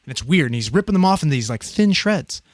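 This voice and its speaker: A man in his thirties telling a story on a podcast in a casual, profane, animated way, often laughing. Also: on the high side, quick pace, dry recording, clean studio sound.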